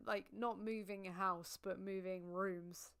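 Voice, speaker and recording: Brief: woman livestream host, loose chatty delivery, smooth voice with a gravelly fry. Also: mid-range voice, steady tone, unhurried, fairly bright tone. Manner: giggly, chatty, thanking viewers. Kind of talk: casual livestream chat.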